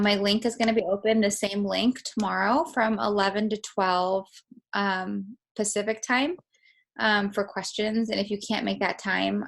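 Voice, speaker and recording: Brief: chatty woman with vocal fry leading a team video call. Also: medium pitch, fairly bright tone. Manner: chatty, filler-heavy, casual swearing. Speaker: team leader running a call.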